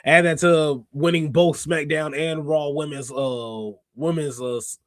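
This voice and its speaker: A man hosting a podcast, recapping wrestling in a casual, animated, slangy way with lots of fillers and restarts. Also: a little high, unhurried, no echo, studio quality. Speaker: podcast host.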